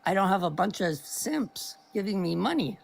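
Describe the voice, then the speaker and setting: Brief: adult woman caller, gravelly, losing her voice, argumentative, interrupts constantly. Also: mid-range voice, big pitch swings, normal speed. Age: older than 30. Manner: argumentative, talks over the host. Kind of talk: heated political argument.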